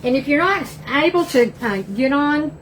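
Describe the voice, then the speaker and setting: An older woman from East Texas hosts a live cooking stream from her home kitchen, in a chatty, folksy Southern drawl. Her voice sits a little high, and a steady noise runs behind her. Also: normal speed. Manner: chatty and folksy, says y'all a lot. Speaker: cooking livestream host. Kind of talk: casual live cooking chat.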